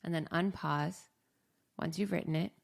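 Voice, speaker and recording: A young adult woman, a life coach, calmly guiding listeners through a self-help exercise, often saying "like.". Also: low-pitched, vocal fry. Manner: calm, slow guiding with frequent "like".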